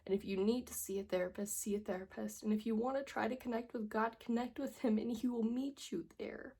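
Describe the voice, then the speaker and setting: A woman's voice: a little high, steady tone, a little fast, dark tone, breathy edge. A young woman telling her personal story in a vlog, emotional and earnest, tearful as she pleads with viewers. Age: young adult. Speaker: vlogger.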